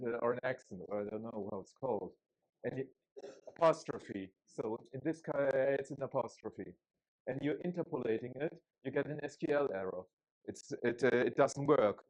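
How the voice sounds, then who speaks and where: A man's voice: mid-range voice, darkish tone, poor audio. A man from Germany with a German accent, giving a chatty, joking technical talk at a conference, with frequent fillers and restarts. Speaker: conference speaker.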